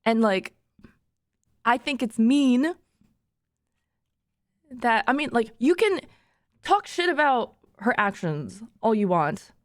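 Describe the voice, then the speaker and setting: This young streamer has a voice on the high side and talks casually and emotionally to her viewers, wandering through her thoughts with restarts while shifting from tears to laughter. Her audio is dry and clean, recorded in a treated room with acoustic panels.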